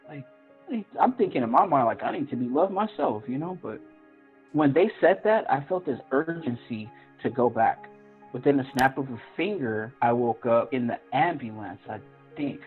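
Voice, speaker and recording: A man's voice: mid-range voice, expressive, moderate pace. A man, a podcast guest, earnestly telling a personal story and acting out his own past reactions in a raised voice. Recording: tinny phone-line audio with faint music.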